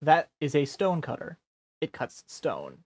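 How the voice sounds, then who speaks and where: A man streaming a role-play, talking in a dry, teasing, deadpan way. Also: fairly high pitch, a little slow, gravelly, dry recording.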